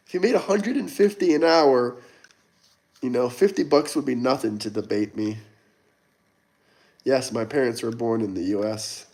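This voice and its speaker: A man's voice: mid-range voice, normal speed, pauses often, a little mellow. A young man from the United States hosting a casual livestream, reading chat and answering viewers in a blunt, argumentative, mocking way. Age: young adult. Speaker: livestream host.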